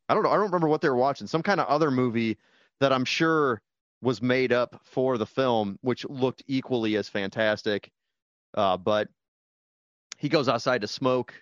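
A man's voice: mid-range voice, no echo, highs cut off. A man co-hosting a podcast, chatting casually and rambling about a movie he loves. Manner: rambling, animated, quotes movie lines in put-on voices. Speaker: podcast co-host. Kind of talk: casual movie-review chat.

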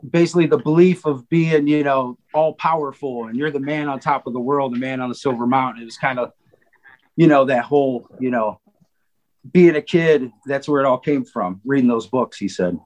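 A man's voice: mid-range voice, moderate pace, a little mellow, low-quality recording. A man telling stories in a casual podcast chat, rambling with many fillers and quoted asides. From Cleveland, Ohio. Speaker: guest drummer.

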